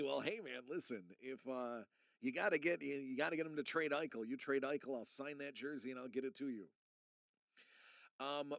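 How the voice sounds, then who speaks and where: Middle-aged man, gravelly, rambling and earnest live-stream host, dry close sound. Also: medium pitch, fairly bright tone, no echo. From United States. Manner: rambling and earnest, talking straight to chat. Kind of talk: casual live-stream chat.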